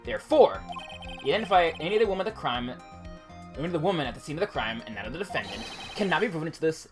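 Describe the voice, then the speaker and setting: A woman's voice: deep voice, very animated, very fast, over music. A woman doing a determined young male lawyer. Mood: pressing. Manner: determined, pressing. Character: earnest young male defense attorney.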